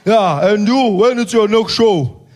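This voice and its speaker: A man putting on a slow, booming politician. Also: animated. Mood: chummy. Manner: slow, loud, drawn-out delivery. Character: booming slow-talking male politician, self-assured.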